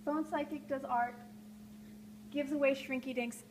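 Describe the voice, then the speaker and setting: A woman's voice: high voice, fairly even intonation, unhurried. A woman hosting a live call-in art show from a gallery, talking in a playful, rambling way that often trails off. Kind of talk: live stream chat while drawing. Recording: noisy live stream room.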